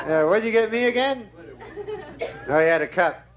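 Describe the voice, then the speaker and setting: Stand-up comic, man, higher-pitched drawling deadpan, live club with a loud crowd and noisy room. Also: normal speed. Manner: drawling deadpan with long setups and "you know?" asides. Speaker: stand-up comedian. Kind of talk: stand-up routine. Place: comedy club stage with live audience.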